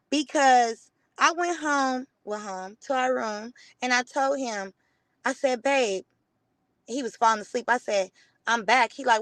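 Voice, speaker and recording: A woman's voice: on the high side, no echo. A young woman casually telling a profane story on a livestream, acting out the dialogue. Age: young adult. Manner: profane, animated retelling with quoted dialogue. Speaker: guest.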